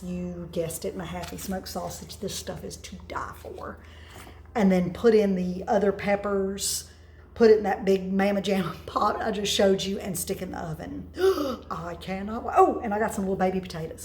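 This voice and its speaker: A woman, chatting excitedly and telling stories while cooking in her home kitchen. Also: medium pitch, slight background noise, rough recording. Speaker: home cook host. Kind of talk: casual cooking video chat.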